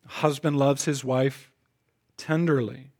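A man preaching a sermon as pastor. He is emphatic, often repeats words as he starts a phrase, and swings between loud punches and soft, lowered asides. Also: fairly even intonation, a little slow.

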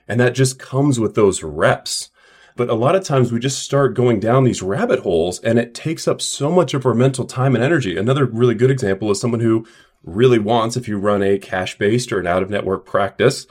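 A man's voice: mid-range voice, expressive, a little fast, darkish tone, husky. A man co-hosting a casual business podcast. He speaks emphatically in a coaching tone and slips into acted-out dialogue to make his points. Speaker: podcast co-host, clinic owner.

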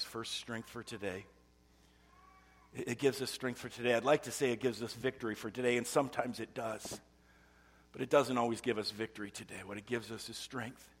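A man preaching a sermon as pastor, telling a story and shifting between loud emphatic bursts and hushed, near-whispered lines. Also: mid-range voice, slightly rough, big-room sound. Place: church sanctuary.

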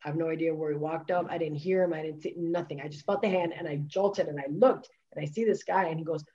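A woman's voice: sits low, fairly even intonation, quick pace, dark tone, lo-fi sound. A woman guest, a wellness coach, telling her personal story candidly in conversation, emphatic and full of filler words and restarts.

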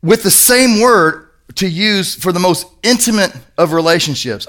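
A man from Kentucky, a pastor, preaching a sermon in a church in a lively, conversational way, asking the congregation questions. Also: high voice, normal speed.

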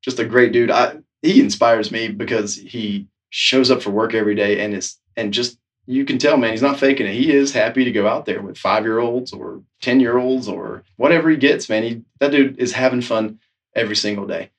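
A man's voice: mid-range voice, normal speed, far from the mic. A man, a snowboard instructor, praising a coworker in casual, filler-heavy talk. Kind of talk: interview tribute.

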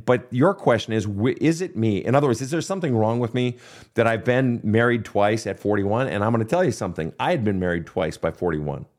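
A middle-aged man with a fairly low, darkish voice hosts a counseling podcast, giving casual advice in a monologue. He's blunt, swears freely, and acts out the outbursts of the people he quotes.

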